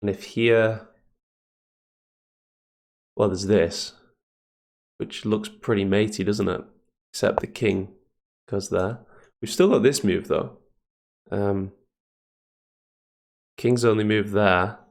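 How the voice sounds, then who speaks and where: Chess streamer, man, low gravelly voice; casual, halting commentary, lots of fillers. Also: fairly even intonation. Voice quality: deep gravelly morning voice. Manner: thinks aloud, hesitant fillers, chuckles often.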